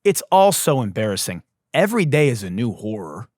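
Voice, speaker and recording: A man hosting a satirical news show, ranting loudly and swearing, his voice going hoarse from yelling. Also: sing-song, a little fast, no echo, clean studio sound. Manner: swings from loud yelling to low mutters, swears. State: losing his voice. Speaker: comedy news host.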